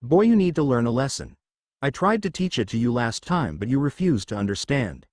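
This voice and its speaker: Man voicing a cruel bully uncle in an audio story. Growling threats, lively delivery. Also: medium pitch, a little fast, no echo, clean studio sound, lightly acted. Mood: stern.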